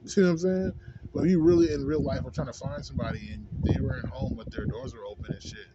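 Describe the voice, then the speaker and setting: A man's voice: fairly high pitch, animated, quick pace, over a noisy crowd. A man in a casual, rambling rant, heavy on swearing and on "you know what I'm saying". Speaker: vlogger. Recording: dull lo-fi with faint background noise.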